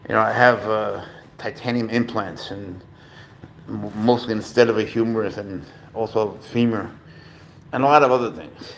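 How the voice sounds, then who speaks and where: A man chatting casually to viewers at home as a cat-owning vlogger, rambling and profane with sudden loud exclamations. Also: on the low side, fairly even intonation, moderate pace, gravelly, slight background noise.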